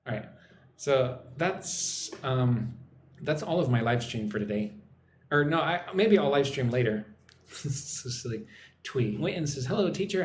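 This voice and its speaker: A chatty man talks playfully on a live stream, his pitch swinging up and down in amused exclamations. His voice rings in a roomy, echoey space with a faint hiss of noise behind it. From Texas. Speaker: English teacher streaming live. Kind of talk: casual live stream chat.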